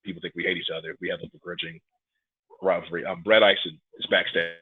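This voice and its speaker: Deep husky man on a tinny line. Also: quick pace, no room sound. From New York, raised in Atlanta. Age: 30s. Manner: animated storyteller, acts out quotes. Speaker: guest, pro wrestler. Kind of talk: casual podcast interview.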